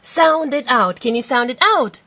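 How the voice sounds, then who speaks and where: High-voiced mother coaxing a child to read. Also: expressive, sharp tone. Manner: patient, coaxing, repeats sounds slowly. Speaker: parent teaching her child to read. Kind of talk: home reading lesson.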